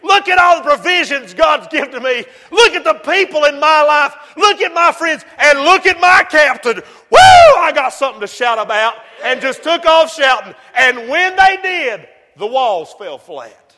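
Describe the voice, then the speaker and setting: A preacher man with a very high, bright, piercing voice hollers and whoops his way through a fiery sermon. He drops now and then into low, quick asides. A long reverb trails off every shout in the church hall. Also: lively intonation.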